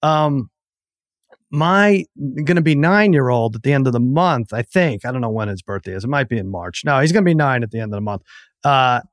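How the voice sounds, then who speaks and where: A man's voice: medium pitch, animated, a little fast, no room sound, studio quality. A middle-aged man co-hosting a podcast, telling a rambling story in casual chat and acting out the quotes. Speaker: podcast co-host.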